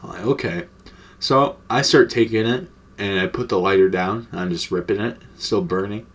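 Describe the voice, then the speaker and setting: A young man tells a story in a loose, profane, slang-heavy way. His voice sits slightly low. The delivery is casual and unhurried, aimed straight at his viewers. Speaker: storytime vlogger.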